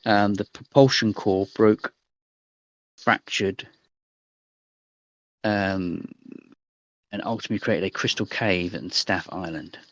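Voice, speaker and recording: A man narrating as game master in a tabletop game, rambling and hesitant with many pauses. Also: sits low, fairly even intonation, dry recording. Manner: rambling, hesitant, lots of ums. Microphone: voice call mic. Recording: dry, slightly dull voice call.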